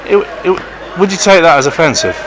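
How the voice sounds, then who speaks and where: A man's voice: fairly high pitch, very animated, fairly quick, fairly bright tone, some chatter behind, poor audio. A man filming and live-streaming police outdoors on a town street by a railway station, indignant and repetitive as he argues.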